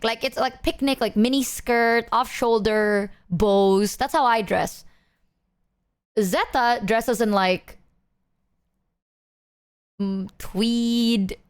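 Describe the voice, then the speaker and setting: A woman's voice: mid-range voice, clean tone. A young woman streamer telling a long story to her viewers, rambling with lots of fillers and laughing often. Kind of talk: casual chat to stream viewers.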